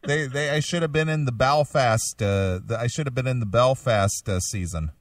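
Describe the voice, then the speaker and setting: A man's voice: medium pitch, no echo. Male co-host, mid voice, casual and stumbling; dry room, slightly distant. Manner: hesitant, halting replies. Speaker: podcast co-host. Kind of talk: casual comic banter.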